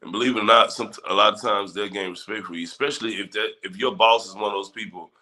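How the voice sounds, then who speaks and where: A man hosting a casual livestream, giving advice and answering chat viewers in a relaxed, conversational way. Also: lowish voice, fast. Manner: laid-back, talks straight to chat viewers. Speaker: livestream host.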